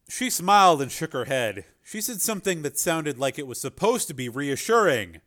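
A man's voice: on the high side, big pitch swings, moderate pace, hardly any pauses, a bit bright. A man narrating a chapter of an adventure novel as an audiobook reader. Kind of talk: scripted narration.

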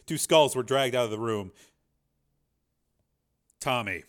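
A man narrating a dramatic audiobook and voicing its characters with shifting pitch. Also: animated, normal speed, pauses often.

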